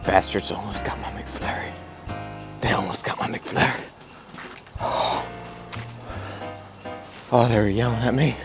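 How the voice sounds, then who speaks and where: Man doing a redneck character, crude, excitable, low voice, comedy vlog. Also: a little slow, pauses often, music in the background. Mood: rambling. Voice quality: loud, crude, jumps between yelling and muttering. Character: loud crude hillbilly man, excitable and paranoid. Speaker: vlogger.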